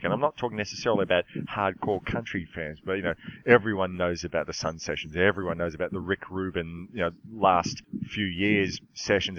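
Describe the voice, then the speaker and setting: A man's voice: low-pitched, fairly bright tone, no room sound. A man hosting a casual chat about a film, rambling with many restarts. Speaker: podcast host. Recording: slightly dull lo-fi sound.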